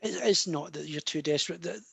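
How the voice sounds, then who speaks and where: A man's voice: fairly high pitch, brisk, vocal fry, a bit bright, breathy edge, dry recording. A man with a Scottish accent, a medium answering audience questions in a friendly, reassuring way, calling listeners guys and love. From Scotland. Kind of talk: casual talk.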